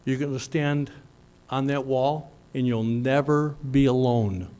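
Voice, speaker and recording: A middle-aged man giving a graduation speech, telling a story in a folksy, animated way with quick asides. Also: medium pitch, clear, resonant tone. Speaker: graduation speaker.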